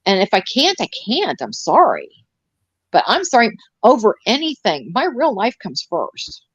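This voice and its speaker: A woman's voice: mid-range voice, wildly swooping pitch, measured pace, husky, no room sound. A middle-aged woman in casual live-stream chat, rambling and sarcastic with many restarts. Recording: dull, dry lo-fi stream audio.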